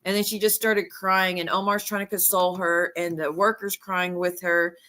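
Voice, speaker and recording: A woman hosting a stream, retelling gossip in a rambling, animated way with many restarts. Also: fairly low pitch, moderate pace. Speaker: livestream host. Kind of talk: casual gossip chat.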